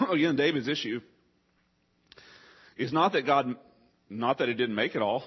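A man preaching to a congregation in a husky, mid-pitched voice. He keeps talking through a nagging cough that chokes him up. The recording sounds muffled and lo-fi. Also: lively intonation, unhurried. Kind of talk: sermon.

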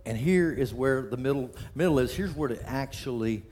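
A man's voice: medium pitch, moderate pace, a little mellow, a little hiss or hum. A man preaching a sermon in a conversational way, often restarting his sentences and acting out quotes. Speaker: pastor.

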